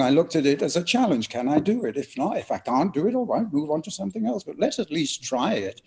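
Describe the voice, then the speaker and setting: Brief: older Englishman, mellow expressive raconteur, guest in conversation. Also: a little high, creaky. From England. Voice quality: lively, expressive storyteller's delivery. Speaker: guest actor. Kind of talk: storytelling interview answers.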